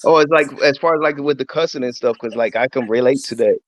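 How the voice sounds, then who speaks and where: A man co-hosting a podcast in casual interview chat, agreeable and quick, often saying "yeah" and "real talk". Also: mid-range voice, crowd noise. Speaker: podcast co-host. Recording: dull dry recording.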